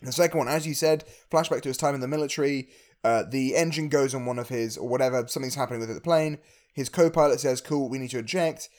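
A man's voice: medium pitch, quick pace, a little mellow. A man co-hosting a casual film chat, thinking aloud and often repeating words as he goes. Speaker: podcast co-host.

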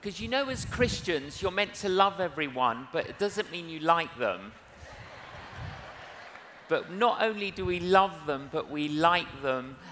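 A male evangelist preaching a sermon in a church service, earnest and unhurried, acting out dialogue in his stories. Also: on the high side, a bit bright. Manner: slow, earnest, acts out dialogue in anecdotes. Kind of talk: sermon with storytelling. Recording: reverberant church hall with faint noise.

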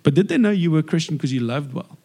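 A man in his forties from South Africa, preaching by telling stories and acting out the voices of people in them. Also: fast talker. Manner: animated, acts out quoted voices with big pitch jumps. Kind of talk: sermon storytelling. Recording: long reverb of a large hall.

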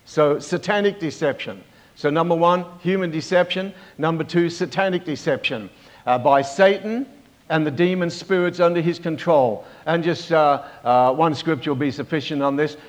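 A man preaching a Bible-teaching sermon, pausing often with fillers and restarts and asking the congregation for amens. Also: fairly high pitch. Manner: halting, with many fillers and restarts. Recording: dull lo-fi recording.

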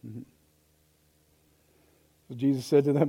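A male pastor preaching live in church, folksy and impassioned, swinging from hushed asides to loud appeals. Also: on the high side, lively intonation, moderate pace, breathy edge, low-quality recording. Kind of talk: sermon.

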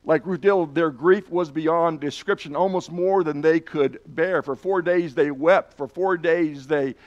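Guy preaching a sermon, earnest, bit high voice, dull lo-fi sound. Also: unhurried. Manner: earnest preaching, reads scripture aloud with emphasis. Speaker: pastor.

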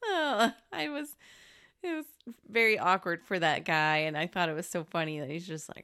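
A woman co-hosting a podcast, chatting casually about a movie with soft agreements and playful asides. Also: lowish voice, expressive, normal speed, clean tone. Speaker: podcast co-host.

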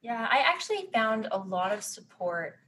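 A woman's voice: a little high, sing-song, normal speed, fairly bright tone, low-quality recording. A woman in her thirties in a casual conversation, candid and emotional, talking with many restarts. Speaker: guest sharing fertility experience.

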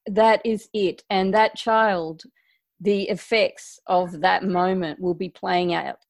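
A woman hosting a conversation, calm and thoughtful, affirming her guest. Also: medium pitch, slow, gravelly, no room sound. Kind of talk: reflective conversational chat.

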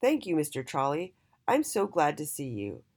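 A woman's voice: deep voice, huge pitch swings, normal speed, darkish tone, full character voice. A woman voicing Mister Y, a sleepy, friendly male letter in a children's storybook, drawing out his words.

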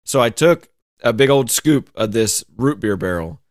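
A man's voice: mid-range voice, lively intonation, moderate pace, no echo, clean studio sound. A man co-hosting a podcast, talking casually and rambling through a story, filling it with "like". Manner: rambling, heavy use of "like", storytelling. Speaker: podcast co-host. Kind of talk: casual chat.

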